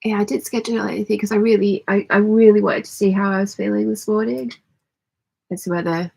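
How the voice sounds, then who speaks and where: A woman with a hoarse, croaky voice, chatting casually and rambling as she sews and answers a live chat. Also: mid-range voice, steady tone, fast talker, a little mellow. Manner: rambling, self-deprecating, chatty. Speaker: sewing livestream host. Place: home sewing studio.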